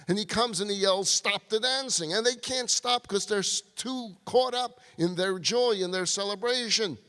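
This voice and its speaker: A man, a rabbi, telling a story in a sermon and acting out its dialogue with lively shifts. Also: high-pitched. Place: large hall at a retreat. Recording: long hall reverb.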